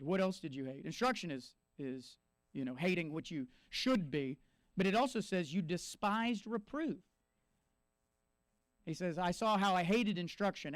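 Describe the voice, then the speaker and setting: A man preaching a sermon as pastor, animated, often acting out quoted voices to make his point. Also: sits high, no echo. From United States.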